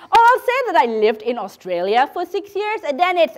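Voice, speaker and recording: Sarcastic woman performing a lively monologue. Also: high voice, moderate pace, few pauses. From Malaysia. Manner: sarcastic, lively, turning quiet and solemn. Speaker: spoken word performer. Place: theater stage.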